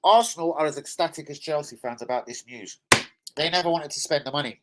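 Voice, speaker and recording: A man, ranting angrily and profanely on a live football fan stream, swinging between loud outbursts and low mutters. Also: quick pace.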